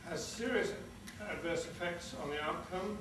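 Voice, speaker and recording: A man's voice: high voice, normal speed. An older man accepting an award and speaking earnestly from a stage, ending with an emphatic warning. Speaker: award recipient. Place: large conference hall. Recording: echoey hall from far off, noisy.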